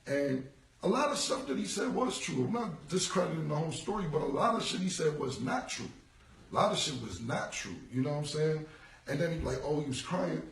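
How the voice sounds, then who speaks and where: Gravelly man ranting on a livestream. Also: on the high side, animated, brisk, echoey room, recorded from a distance, rough recording. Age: 40s. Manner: rambling, repetitive street slang. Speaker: rapper. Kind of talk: casual livestream monologue. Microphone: phone.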